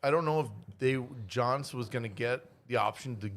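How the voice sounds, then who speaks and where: A man swapping bar stories in casual podcast banter, blunt and freely profane, at a middling pitch. His voice is recorded in a small studio. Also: moderate pace. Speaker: podcast co-host.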